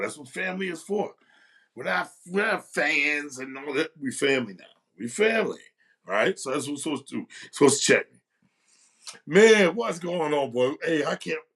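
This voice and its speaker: Gravelly man giving casual shout-outs. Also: high-pitched. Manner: loose, animated, slangy, repeats phrases for emphasis. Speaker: youth sports league host.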